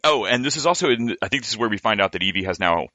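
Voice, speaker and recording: Deep, bright-toned lively podcast man. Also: very fast, no room sound. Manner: lively, joking storyteller. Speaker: podcast co-host. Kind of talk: casual chat.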